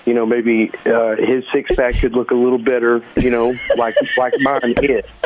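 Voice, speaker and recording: A man's voice: medium pitch, little pitch movement, normal speed, slight background noise, rough recording. A man, a rock band guest joking through a casual interview and often stumbling over his first words. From Alabama. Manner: joking, repeats words when starting.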